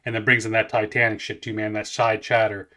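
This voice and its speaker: A man in his late forties talks through a track in a low but bright, punchy voice. He rambles and restarts his sentences, swearing freely as he reacts. His delivery stays loose and conversational. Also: flat delivery, a little fast. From Canada. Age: 40s. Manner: rambling, profane, many restarts. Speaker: music reaction host. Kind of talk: casual reaction commentary.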